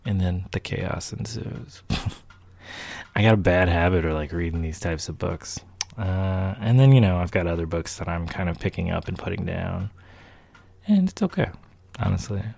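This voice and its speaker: A man's voice: low-pitched, expressive, normal speed, vocal fry, darkish tone, husky. A man hosting his own podcast, rambling in a laid-back way, correcting himself and adding wry asides. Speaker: podcast host. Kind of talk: casual monologue to listeners.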